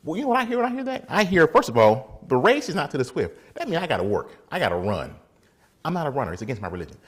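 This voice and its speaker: A man preaching in a storytelling way, animated, acting out other people's voices and laughing often. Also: a little high, very fast, breathy edge. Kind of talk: storytelling sermon.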